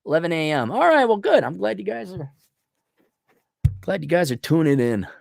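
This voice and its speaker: Blunt, animated man ranting on a livestream. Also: on the high side, normal speed, dry recording, studio quality, soft background music. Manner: blunt, profane, animated, frequent throat-clearing. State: losing his voice. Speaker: livestream host reading viewer donations. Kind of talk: blunt opinionated livestream rant.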